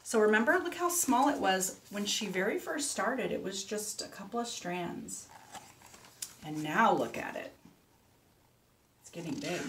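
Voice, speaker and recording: A woman teaching speech to children, reading a picture book aloud slowly and clearly and pausing so they can repeat words. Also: expressive, a bit bright, a little hiss or hum. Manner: animal sounds with big jumps in pitch.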